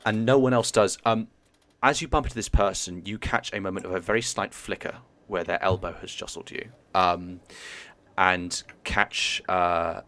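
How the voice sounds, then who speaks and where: A man's voice: sits low, fairly even intonation, normal speed, fairly bright tone. A man narrating as game master, hesitant with many fillers.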